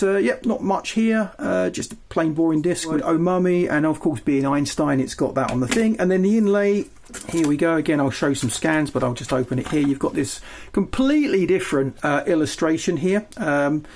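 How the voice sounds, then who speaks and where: A man's voice: on the high side, fairly quick, darkish tone. A man chatting casually as he shows off items from his retro game collection, with lots of ums and asides. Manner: chatty, rambling, filler-heavy. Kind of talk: show-and-tell of collection.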